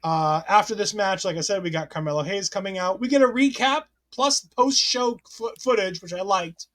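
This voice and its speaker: A man's voice: high-pitched, moderate pace, fairly bright tone. A man hosting a casual wrestling recap podcast, chatty and often correcting himself mid-sentence. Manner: chatty, self-correcting, reads listener comments aloud. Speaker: podcast host.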